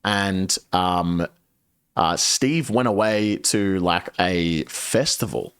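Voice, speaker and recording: A man streaming and telling a long story to his chat, casual and profane, with lively shifts into the voices of the people he quotes. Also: takes it slowly, clean tone. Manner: animated, profane, swings pitch when quoting people.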